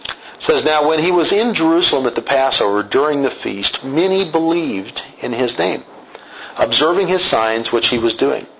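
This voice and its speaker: A man giving an expository Bible lesson in a relaxed, conversational manner, breaking off for quick asides and correcting himself as he goes. His voice sits at an ordinary middle pitch. The recording is a little dull, with a faint hiss underneath. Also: vocal fry. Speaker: Bible teacher.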